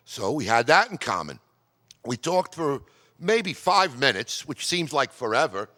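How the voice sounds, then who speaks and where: A chatty middle-aged New Yorker, an amateur radio presenter, tells digressive radio stories to a club audience in a mid-range, bright, forceful voice. Very animated yet unhurried, he speaks in a meeting hall, so his voice echoes with a long reverb.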